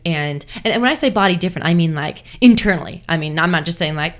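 A woman's voice: on the low side, quick pace, few pauses. A young woman talking casually as an interview guest, chatty with lots of fillers and restarts, acting out her own inner voice.

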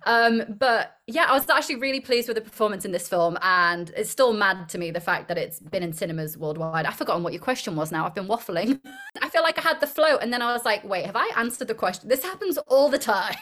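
A woman's voice: on the high side, animated, brisk, a bit bright. A young woman, an actress being interviewed, chatting casually, rambling and giggling often. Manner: giggly, rambling, self-deprecating.

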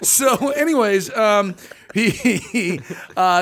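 A man co-hosting a podcast, telling a road story in a casual, animated way and acting out the quotes. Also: sits high, normal speed. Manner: animated, acts out quotes with laughter. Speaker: podcast co-host.

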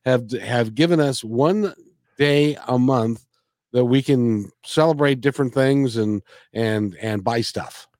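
A man's voice: mid-range voice, slow pace, darkish tone, no echo. Rambling, jokey man, dry close sound. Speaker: podcast co-host, bus driver. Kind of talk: casual chat.

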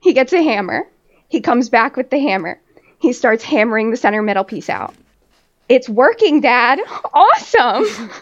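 A woman podcast host tells a story in casual chat, laughing often and swearing freely as she rambles through fillers. Her voice sits a little high and comes through dull, lo-fi audio. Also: animated, brisk. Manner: laughs often while telling.

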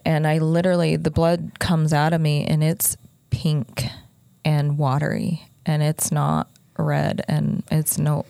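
A woman's voice: deep voice, gravelly, darkish tone, no room sound. A middle-aged woman telling a personal story in casual podcast talk, retelling the conversations at length. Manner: fast, breathless retelling with lots of quoted dialogue.

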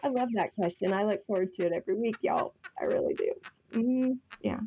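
A woman's voice: medium pitch, brisk, mellow, husky. A woman co-hosting a casual podcast, teasing and playful. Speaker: podcast co-host. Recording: dull lo-fi sound with hiss.

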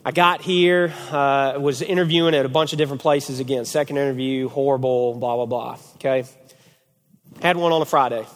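A young man in his twenties preaching a sermon, telling a personal story with animated, acted-out quotes. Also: a little fast. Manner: animated storyteller, acts out quotes with big pitch swings. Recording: long hall reverb.

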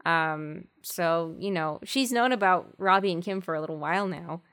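A woman co-hosting a podcast, recapping an episode casually and voicing characters' lines in a higher pitch. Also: moderate pace, clean tone. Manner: lively, jumps high when quoting. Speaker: podcast co-host.

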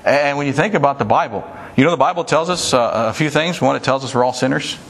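A man's voice: medium pitch, fast, creaky, fairly bright tone. Man preaching a conversational sermon. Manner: conversational, retells a story with many "he said" asides. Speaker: pastor. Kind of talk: sermon with storytelling.

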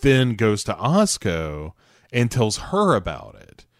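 A man co-hosting a podcast, recapping a TV episode in casual chat with animated storytelling. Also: lowish voice, slow pace, no echo, studio quality. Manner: animated storytelling, acts out characters' lines. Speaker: podcast co-host.

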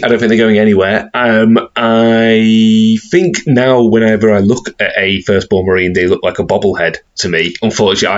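A man with a low, husky voice co-hosting a casual podcast. He talks in a relaxed, hesitant way, full of ums. The recording sounds slightly dull and lo-fi. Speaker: podcast co-host. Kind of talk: casual chat.

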